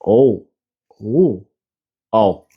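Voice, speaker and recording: A man's voice: on the low side, lively intonation, very slow, breathy edge, phone-quality sound. A man who runs a tech channel, chatting casually through an unboxing, rambling, swearing and mocking himself as he grows exasperated. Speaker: tech YouTuber.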